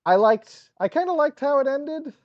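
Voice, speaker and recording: A man co-hosting a casual podcast, talking in a relaxed, agreeable way. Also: extremely high pitch, normal speed, no echo, dull audio. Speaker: podcast co-host. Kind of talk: casual chat.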